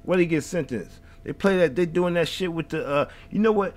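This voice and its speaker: A man's voice: on the high side, fairly quick. Heated, profane man ranting. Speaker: reaction video host. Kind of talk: casual ranting commentary.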